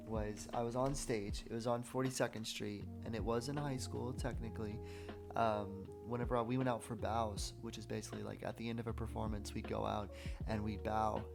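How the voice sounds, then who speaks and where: A man hosting a podcast, chatting casually and telling stories in a relaxed way. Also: lowish voice, vocal fry. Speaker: podcast host. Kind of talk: casual conversational interview.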